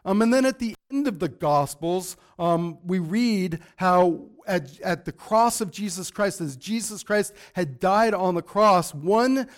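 A man's voice: sits high, lively intonation, a little slow, few pauses. A man preaching a conversational Bible sermon as pastor, teaching with asides and fillers, his voice going in and out.

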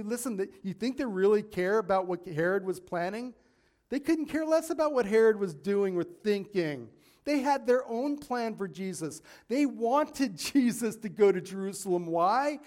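A man's voice: a little high, expressive, measured pace, darkish tone. A man preaching a sermon, reading scripture and retelling it in everyday words, earnest and at times emphatic. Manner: earnest, rising to emphatic peaks, with asides and paraphrases. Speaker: pastor.

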